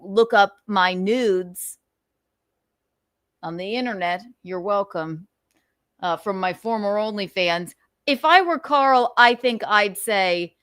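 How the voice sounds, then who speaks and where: A woman's voice: mid-range voice, no room sound, studio quality. Chatty woman livestream host. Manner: animated, laughing, many restarts. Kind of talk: casual livestream chat.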